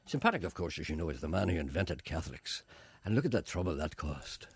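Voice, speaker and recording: A man riffs on a radio show with sardonic, rambling, mock-grand flair. His low voice swoops through a wide range, and the studio sound is dry and close. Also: big pitch swings, fast talker, breathy edge, no room sound. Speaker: radio presenter. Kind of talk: comic radio monologue and banter.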